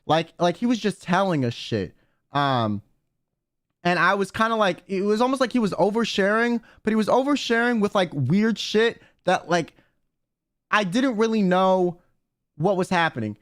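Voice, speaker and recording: A man's voice: high-pitched, expressive, normal speed, no room sound, clean studio sound. A young man streamer telling a story casually, rambling and swearing with many fillers. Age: young adult. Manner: rambling, profane, lots of "like" and "um".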